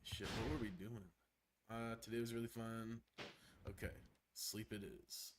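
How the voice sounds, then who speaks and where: A man with a gravelly voice and a strained throat, casually talking through a game stream. He chats freely, swears often and laughs a lot. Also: lowish voice, level tone, a little slow, noisy background. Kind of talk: casual gameplay commentary.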